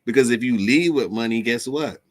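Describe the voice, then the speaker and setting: A man hosting a reaction show, giving animated, slangy advice straight to his male viewers. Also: mid-range voice, moderate pace. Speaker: host reacting to a clip. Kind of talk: commentary to camera.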